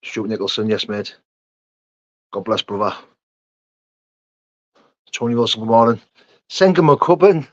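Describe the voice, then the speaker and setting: A young man hosts a casual livestream, reading out viewers' names, greeting them and answering their questions in a chatty, matey manner. His fairly low voice stays level and unhurried with frequent pauses. The recording is dry, dull and muffled.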